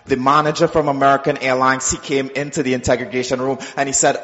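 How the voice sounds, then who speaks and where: A man telling his personal testimony to a church, acting out the voices in his story and dropping soft and low when quoting God. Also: steady tone, fairly quick. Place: church sanctuary. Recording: dull sound with long hall reverb.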